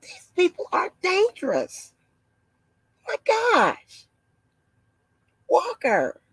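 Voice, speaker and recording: A woman doing a mocking impression of a shocked, over-concerned woman, gasping and breathy with drawn-out alarmed phrases. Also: extremely high pitch, wildly swooping pitch, dry recording, voice pushed up, full character voice. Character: shocked, fretful high-voiced woman, overly concerned.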